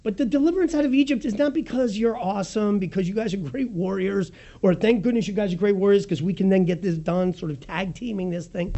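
A man preaching a sermon as pastor, with a raspy voice, animated and swinging between soft and loud, joking about his own slips. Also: brisk. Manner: animated preaching with wide swings in pitch and loudness; jokes at his own slips, laughs easily.

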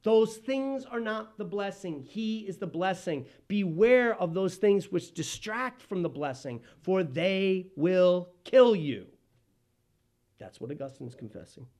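A man delivering a sermon, moving between quick asides and slow, loud, emphatic lines. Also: high voice, lively intonation. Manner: impassioned preaching with sudden loud and slow emphatic phrases. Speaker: pastor.

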